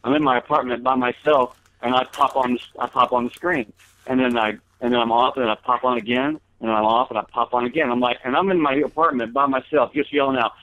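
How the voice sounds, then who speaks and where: A man's voice: mid-range voice, fairly even intonation, fast, dry recording. Rambling man on a tinny phone line. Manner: rambling, many fillers and restarts. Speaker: guest comedian. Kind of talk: casual storytelling interview.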